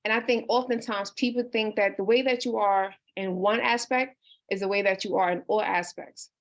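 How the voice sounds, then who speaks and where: The sound is lo-fi as a life coach in her thirties talks casually and earnestly on a livestream, reading viewer comments during a book discussion. Her medium-pitched voice keeps a fairly even intonation at a moderate pace, and her personal manner includes lots of restarts and "you know."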